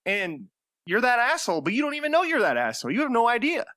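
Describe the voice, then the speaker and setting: A man co-hosting a comedy podcast, talking excitably and swearing in casual chat. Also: extremely high pitch, fast talker, dry recording, studio quality. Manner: animated, excitable, profane. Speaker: podcast co-host.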